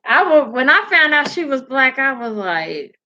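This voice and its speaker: A woman's voice: sits high, sing-song, normal speed, pushed and bright, muffled recording. A sleepy woman hosting a casual live stream, rambling, laughing and answering comments from her chat.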